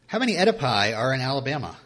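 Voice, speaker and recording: A man's voice: mid-range voice, very fast. A man co-hosting a podcast, chatting casually and rambling with lots of fillers as he recaps a TV episode. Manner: rambling, animated, many fillers. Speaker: podcast co-host.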